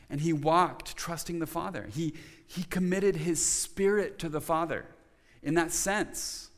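A man's voice: a little high, long reverb tail. A man preaching a sermon as a pastor, asking his congregation rhetorical questions and restarting his phrases as he stresses his points.

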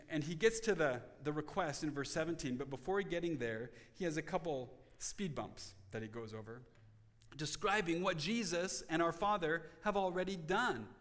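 A man with a high voice preaches an earnest expository sermon, often restarting as he works through the passage. His words ring out with a long reverb from a church hall. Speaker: pastor.

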